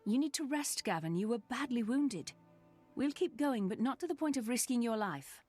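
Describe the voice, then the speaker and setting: A composed fantasy elf heroine from a video game, reassuring and steady. Her voice sits fairly high with lively, rising and falling intonation, and soft game music plays behind her. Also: moderate pace. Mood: calm counsel. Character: calm capable female elf hero. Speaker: game player character.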